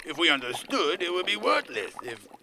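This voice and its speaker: An actor playing a bewildered modern man stuck in a dream as a groveling servant, who booms flowery praise and mutters confused asides. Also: sing-song, moderate pace, gravelly, bright, forceful tone, exaggerated voice. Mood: baffled. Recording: noisy recording.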